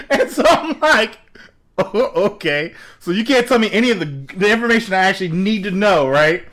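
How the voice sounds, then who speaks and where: A young man tells a story in casual chat, and his voice sits a little high. He acts out both ends of a phone call with lots of animation and frequent laughter. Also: animated, fairly quick, fairly bright tone.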